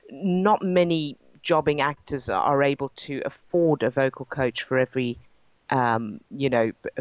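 An English actress with a received pronunciation accent, speaking as a guest in an interview, hesitant with many ums and restarts. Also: female voice, extremely low pitch, no room sound, dull audio. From England. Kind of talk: interview over a line.

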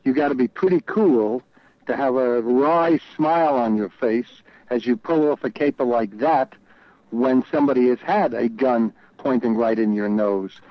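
Radio regular, man, New York accent, wry and opinionated, mid-pitched, dull lo-fi line. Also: moderate pace, no echo. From New York City. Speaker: regular radio guest commentator. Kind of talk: radio talk show chat.

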